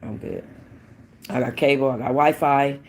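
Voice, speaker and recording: A woman's voice: extremely low pitch, fairly even intonation, normal speed, a little mellow, slight background noise. A woman hosting a casual livestream, talking bluntly to her chat, rambling and swearing freely. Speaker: livestream host.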